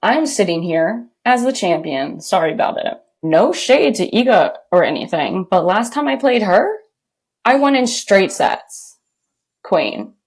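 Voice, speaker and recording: A woman's voice: mid-range voice, big pitch swings, a little slow, slightly rough, full character voice. A woman quoting a young female tennis champion with breezy confidence, in her own voice. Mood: confident.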